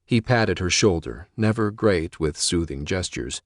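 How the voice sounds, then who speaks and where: A man narrates a novel in a low voice with a lively, expressive rise and fall. His delivery is measured. The recording is dry and close. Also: creaky, dry recording. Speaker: audiobook narrator.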